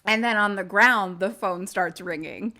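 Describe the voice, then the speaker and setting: A woman's voice: medium pitch, measured pace. A woman podcast host casually retelling a horror film for a live audience, swearing freely and acting out scenes. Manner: animated, profane, acts out the scenes.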